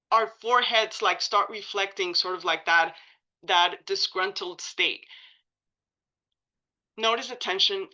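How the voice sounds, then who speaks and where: Woman trainer at a meeting, bright tone, informal and chatty, muffled room recording. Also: medium pitch. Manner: casual, many likes and ums, self-correcting. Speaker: presenter at a coalition meeting.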